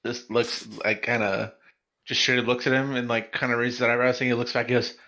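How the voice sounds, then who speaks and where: A man's voice: medium pitch, flat delivery, brisk, bright, forceful tone, highs cut off. A man playing a tabletop game, joking and self-conscious, stumbling through his character's lines. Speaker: player.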